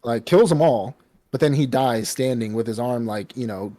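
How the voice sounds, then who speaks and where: A man's voice: medium pitch, moderate pace. A man co-hosting a podcast, recapping a film in casual, rambling, profane chat. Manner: rambling, profane, animated storytelling. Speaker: podcast co-host.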